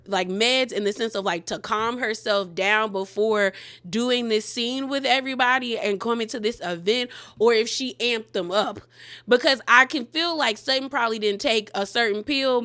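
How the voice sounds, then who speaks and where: A woman's voice: a little high, bright, forceful tone. A woman recapping a reality show in chatty, opinionated commentary, full of "like" and retold dialogue. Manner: chatty, opinionated, heavy use of "like". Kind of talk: casual commentary, retelling scenes.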